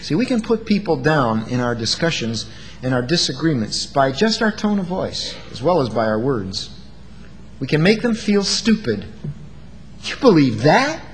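A man's voice: mid-range voice, long reverb tail, slight background noise, low-quality recording. A man preaching an earnest sermon, acting out quoted lines as he goes.

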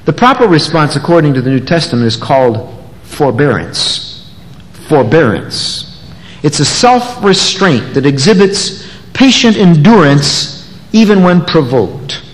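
A man preaching an expository sermon, animated, acting out the voices of the people in the passage. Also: a little high, measured pace, slight background noise. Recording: long echoey hall reverb.

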